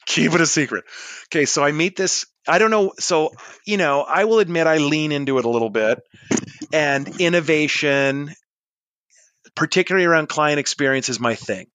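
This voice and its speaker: A man in his forties telling an anecdote, chatty and animated, acting out the people he quotes. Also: fairly high pitch, normal speed, dry recording. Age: 40s. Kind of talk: storytelling monologue.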